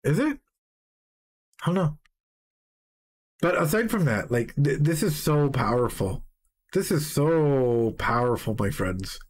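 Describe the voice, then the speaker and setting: Excitable male streamer reading lyrics. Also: a little high, slow pace, long pauses. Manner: excitable, swears, greets chat members mid-sentence. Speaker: streamer reacting live. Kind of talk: live reaction stream, reading lyrics aloud and chatting with viewers.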